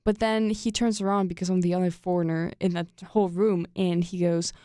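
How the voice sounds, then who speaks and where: German woman chatting with a mellow, dry voice. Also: on the low side, fairly quick, clear, resonant tone, no echo. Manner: animated storyteller, laughs often, trails off mid-sentence. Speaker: podcast host. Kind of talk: casual podcast chat.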